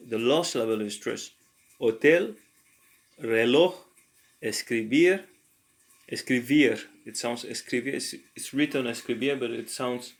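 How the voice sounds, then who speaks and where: Male, mid-pitched, slow and halting, casual lesson commentary. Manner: slow, halting, thinking aloud with fillers. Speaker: language learner and tutor.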